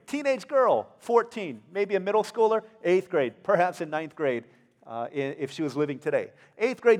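A male pastor with an American accent giving a conversational sermon, playfully acting out the people in the story. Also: fairly high pitch. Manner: conversational, acts out characters in playful voices. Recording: long hall reverb.

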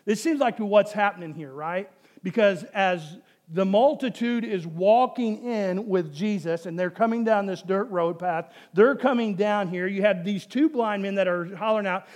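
A man's voice: sits high, unhurried. A man preaching a sermon as pastor, emphatic and repetitive, asking the congregation rhetorical questions.

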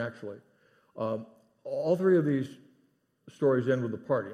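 A middle-aged man preaching a sermon in a church, earnest, dropping to hushed tones for emphasis. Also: medium pitch, a little fast. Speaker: pastor. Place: church sanctuary.

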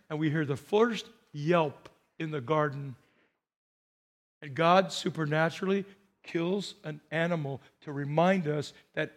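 High-voiced preaching man. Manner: animated storytelling, voicing characters. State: voice straining. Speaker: pastor. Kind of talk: sermon with a told story.

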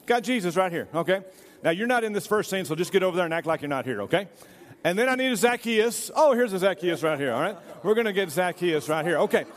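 A man, a pastor giving a sermon in a church, reading scripture and then playfully directing volunteers in a skit. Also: sits high. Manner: playful, jokey, hurries volunteers along. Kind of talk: sermon with a staged reenactment. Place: church sanctuary. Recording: reverberant church hall.

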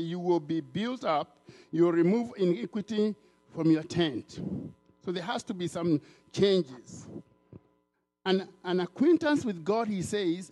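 An African man delivers a lively sermon, repeating words and acting out the voices of the people he quotes. His voice is high, with vocal fry.

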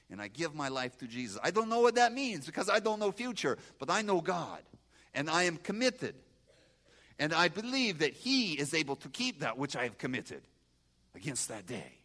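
A man in his sixties from Moldova with a Moldovan accent and broken English, giving an animated testimony sermon and talking back to his audience. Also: fairly high pitch. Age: 60s. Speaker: guest preacher.

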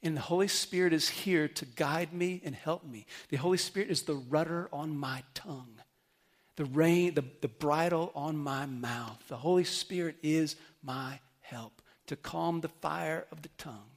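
High-voiced man preaching a sermon. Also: a little slow. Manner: earnest, rises loud and high when urging, drops soft and low at close. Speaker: pastor.

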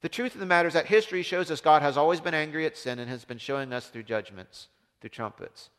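Male pastor, fairly high voice, passionate sermon, loud peaks and quiet drops, long hall reverb. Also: fast, clean tone. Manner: impassioned, swings from loud emphasis to low hushed tones. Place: church.

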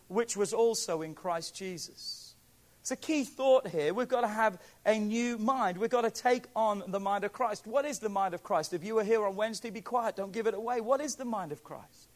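A man preaching a sermon as pastor, emphatic and pleading, swinging from quiet asides to near shouts. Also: high-pitched.

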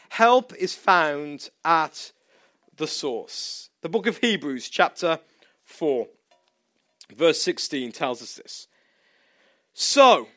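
A man's voice: high-pitched, bright, forceful tone, no echo, studio quality. A man from England preaching a sermon as pastor, conversational and storytelling, with emphatic repeated phrases.

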